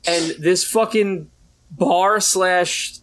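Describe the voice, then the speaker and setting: A man with a fairly high voice chats on a podcast, wandering into side stories. His talk is casual and peppered with swearing. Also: steady tone, extremely slow, fairly bright tone. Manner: swears casually, rambling asides. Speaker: podcast co-host. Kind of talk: casual chat.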